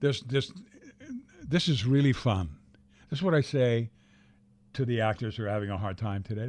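Older actor telling animated stories, dry sound. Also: male voice, mid-range voice, normal speed, no room sound. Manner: animated, repeats words, swears freely. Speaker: guest actor. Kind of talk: casual interview storytelling.

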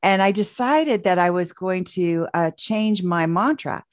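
A woman's voice: fairly low pitch, lively intonation, measured pace, no echo, studio quality. A woman coach, a guest in an interview, telling stories in a chatty way full of fillers and restarts. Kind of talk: casual storytelling interview.

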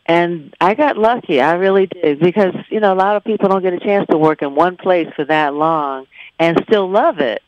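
A woman in her fifties, a veteran news anchor, answers questions with a smooth, resonant voice and a measured, reflective manner. Her line sounds dull and lo-fi, like a remote feed. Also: fairly low pitch, a little mellow, no room sound. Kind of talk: interview answers.

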